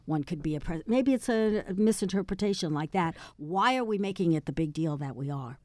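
A woman's voice: fairly low pitch, animated, fairly quick, a little mellow, no echo, studio quality. Firm-minded woman on a panel. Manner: assured, argues her view firmly. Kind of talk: panel discussion.

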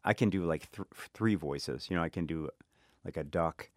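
A middle-aged man from Chicago with a South Side accent, a guest author talking thoughtfully in an interview, often pausing and restarting. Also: low voice, a little mellow, no echo, clean studio sound. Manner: thoughtful, halting, many restarts. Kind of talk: reflective interview talk.

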